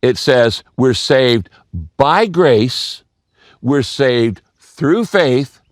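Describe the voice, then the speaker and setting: A man's voice: medium pitch, lively intonation, drawn-out words, no echo, studio quality. An older man preaching a sermon, telling stories and acting out quoted voices, repeating key lines for emphasis. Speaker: pastor.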